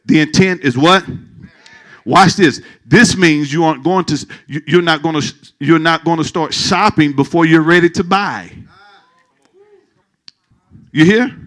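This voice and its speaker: Male pastor mid-sermon, animated and playful with the flock; a fairly high voice with a forceful edge. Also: unhurried, long pauses. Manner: animated, joking with the congregation. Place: church sanctuary.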